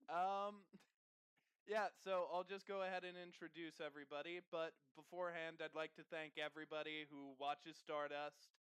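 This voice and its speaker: A man's voice: on the high side, fairly even intonation, fairly bright tone, smooth, no room sound. A man hosting a casual movie podcast over a call, teasing his guests and laughing often. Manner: giggly, teasing, fast-talking. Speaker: podcast host. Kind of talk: casual group chat.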